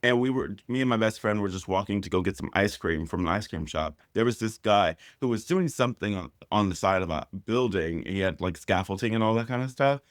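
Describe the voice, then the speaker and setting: Low voiced guy telling funny stories, does the voices of people he quotes, dry close mic. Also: a little fast, few pauses, no echo. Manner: animated storyteller acting out quoted voices. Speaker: drag performer, guest. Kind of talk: casual storytelling interview.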